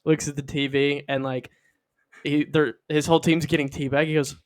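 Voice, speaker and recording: A man's voice: fairly high pitch, moderate pace. A man co-hosting a podcast, telling a comedic scene and voicing its characters. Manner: animated, narrates and voices characters. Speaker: podcast co-host. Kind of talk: comedic improv storytelling.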